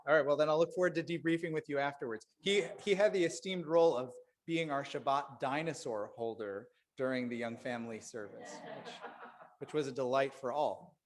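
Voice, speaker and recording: A man leading a synagogue service, speaking in a relaxed, chatty way with fillers, over guitar accompaniment. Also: medium pitch, a little fast. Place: synagogue sanctuary. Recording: guitar music under the voice.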